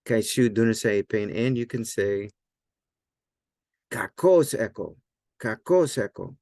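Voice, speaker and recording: A man teaching a language lesson in a relaxed, loose way, often checking in with "right?" and filler words. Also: lowish voice, a little slow, vocal fry, no echo, studio quality. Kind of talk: casual explanatory lesson.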